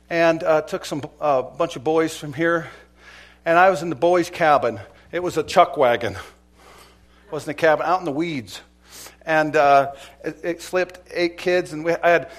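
Middle-aged man, pastor preaching a sermon, fairly high voice, swings from loud urgency to hushed storytelling.

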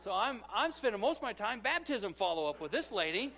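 High-voiced male pastor preaching dramatically. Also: very animated, fairly quick. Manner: dramatic swings from loud exclamations to hushed asides, storytelling with acted quotes. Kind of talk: sermon.

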